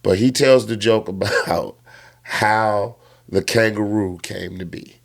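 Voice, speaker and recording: A man from Chicago, a comedian who is a guest on a podcast, telling stories in casual chat. His delivery is animated, dropping low and quiet before rising loud and excited. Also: slow, vocal fry. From Chicago, United States.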